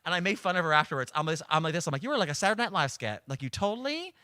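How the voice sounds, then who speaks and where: Animated man telling stories with voices. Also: fairly high pitch, rapid-fire, no echo. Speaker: guest, karaoke host and cabaret producer. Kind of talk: casual storytelling chat.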